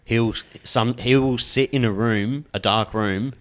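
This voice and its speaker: A man's voice: mid-range voice, steady tone, unhurried, fairly bright tone. A man hosting a podcast, retelling stories loosely and swearing often. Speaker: podcast host. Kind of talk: casual podcast chat.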